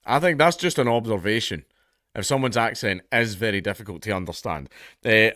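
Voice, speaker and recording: A man's voice: lowish voice, fairly bright tone, no echo, studio quality. A man in his thirties with a Scottish accent, ranting sardonically through casual commentary and swearing freely.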